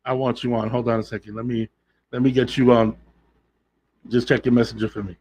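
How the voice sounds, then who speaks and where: A podcast host talks directly to his listeners in a casual solo show, blunt and emphatic, packed with slang and swearing. His voice is medium-pitched and darkish, delivered flat and fairly quickly, with slight background noise.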